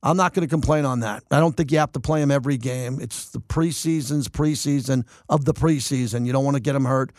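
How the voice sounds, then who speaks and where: A man hosting a sports talk radio show, delivering an energetic, opinionated monologue and thinking aloud with restarts. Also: mid-range voice, brisk, few pauses, no echo, clean studio sound.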